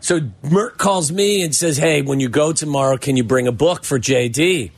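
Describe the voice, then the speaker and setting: A man's voice: a little high, moderate pace, creaky, breathy edge. A man co-hosting on radio, telling an anecdote in casual talk and laughing along. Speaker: radio co-host.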